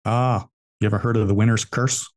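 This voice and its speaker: Man, fairly low voice, entrepreneur guest, emphatic storyteller, repeats key points. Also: fairly even intonation, fairly quick. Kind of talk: storytelling interview answers.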